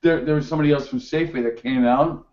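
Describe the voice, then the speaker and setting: A man's voice: mid-range voice, fast, darkish tone. A man chatting casually and boastfully, stammering and swearing often. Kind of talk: casual chat. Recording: distant roomy lo-fi recording with faint noise.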